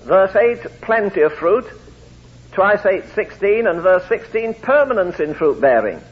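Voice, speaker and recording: A man's voice: sits high, big pitch swings, measured pace. A man preaching a sermon, telling anecdotes and acting out the quoted voices in his stories. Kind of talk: sermon with storytelling. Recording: tinny phone-like lo-fi recording.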